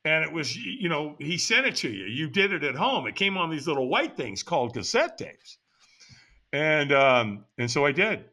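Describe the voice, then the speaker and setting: An older American man, appearing as a podcast guest, tells a personal story at a moderate pace in a voice on the high side. He's animated, acting out the quoted dialogue as the conversation goes.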